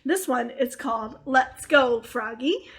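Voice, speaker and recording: Woman, storytime reader, high voice, slow and unhurried, playful asides. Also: animated, a bit bright. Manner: cheerful, playful asides to young listeners. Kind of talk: children's picture book read-aloud. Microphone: webcam or phone, livestream.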